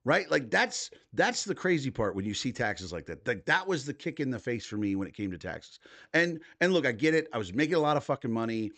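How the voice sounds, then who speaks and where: A man's voice: medium pitch, big pitch swings, a little fast, a bit bright. Swearing, ranting livestream man. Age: 30s. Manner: angry, swears constantly, reads posts aloud mockingly. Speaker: political livestream host. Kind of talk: profane ranting commentary.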